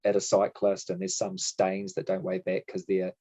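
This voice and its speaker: A man's voice: deep voice, monotone, moderate pace, dark tone, dull audio. A man co-hosting a podcast, chatting in a reflective way, swearing casually and trailing off mid-thought. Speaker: podcast co-host.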